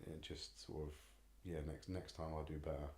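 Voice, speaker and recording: English dad, co-host, slow reflective chat, very low voice, echoey. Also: male voice, level tone, a little mellow. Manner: reflective, hesitant with many ums. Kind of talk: casual chat.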